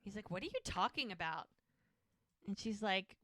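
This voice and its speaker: Bright-voiced woman recapping a show. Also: mid-range voice, animated, normal speed, dry recording, clean studio sound. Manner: retells scenes with quoted dialogue. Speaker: podcast co-host. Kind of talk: casual recap chat.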